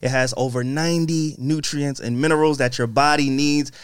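A young man hosting a podcast in casual chat, animated and joking. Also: a little high, moderate pace, clear, resonant tone, no room sound, clean studio sound. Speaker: podcast host. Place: podcast studio.

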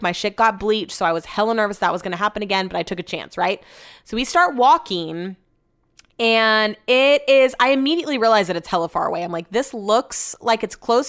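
A woman's voice: medium pitch, fairly bright tone, clear, resonant tone. Chatty, slangy young woman telling a story. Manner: chatty, slangy, swears freely. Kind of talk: casual storytelling.

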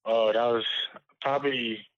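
A man on a podcast, telling a story in a halting, hesitant way. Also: medium pitch, fairly even intonation, no room sound. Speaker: podcast guest. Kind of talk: casual chat. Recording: slightly dull lo-fi sound.

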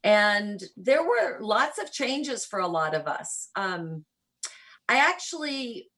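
An older woman with a faint Southern lilt that still slips into her vowels. Her voice is husky and a little breathy, and she tells her stories in a relaxed interview, reflective with a light touch of humor. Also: mid-range voice, slow. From rural Kentucky, US. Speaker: interview guest, church missionary. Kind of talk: conversational interview.

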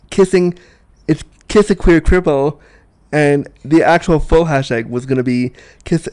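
A man's voice: on the high side, a little mellow, clear, resonant tone. Frank, joking man in casual chat. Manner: frank, joking, laughs often. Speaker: disability sex educator.

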